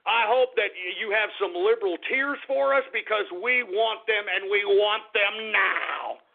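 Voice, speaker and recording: A man hosting a talk radio show, ranting in a gloating, mocking way, shouting and cackling. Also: high voice, normal speed, creaky. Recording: phone-like lo-fi radio broadcast.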